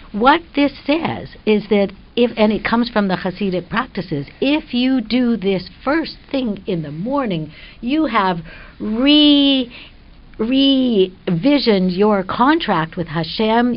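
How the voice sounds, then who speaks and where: An older woman, a radio guest, telling an earnest, reflective personal story in a spiritual conversation. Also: mid-range voice. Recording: dull lo-fi radio sound.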